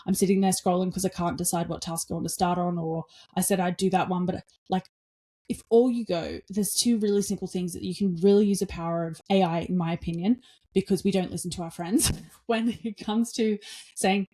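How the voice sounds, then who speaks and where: A woman hosting a podcast, giving casual motivational talk in an energetic, blunt way, swearing freely and acting out little dialogues in her own voice. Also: mid-range voice, brisk. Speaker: podcast host.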